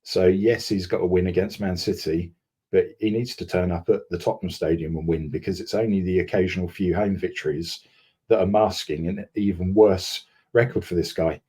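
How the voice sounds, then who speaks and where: Deep, husky, scornful football pundit man. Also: fairly even intonation, mellow. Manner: scornful, measured, sardonic. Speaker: guest pundit. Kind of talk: heated football fan chat.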